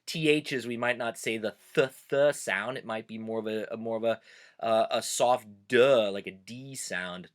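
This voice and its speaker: A man's voice: lowish voice, moderate pace, a bit bright. A middle-aged man from Pennsylvania with a Pennsylvania Dutch accent, a teacher hosting a casual, reflective video talk with plenty of fillers. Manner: conversational, reflective, many fillers. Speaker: host of a cultural video series; German teacher.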